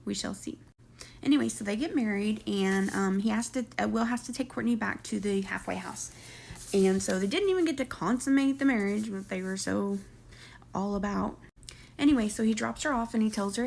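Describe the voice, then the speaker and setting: Gossipy woman with a gravelly voice. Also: medium pitch, brisk, darkish tone, a little hiss or hum. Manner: chatty, gossipy, opinionated. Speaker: reality TV recap host. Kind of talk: casual recap chat.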